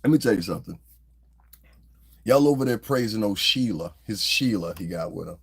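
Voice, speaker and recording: A man with a low, gravelly, slightly husky voice holds forth on his own podcast. He talks loosely and profanely, breaks into laughter, and tells stories in a rambling, casual way. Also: animated, normal speed. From New Jersey. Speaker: podcast host. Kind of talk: casual commentary monologue.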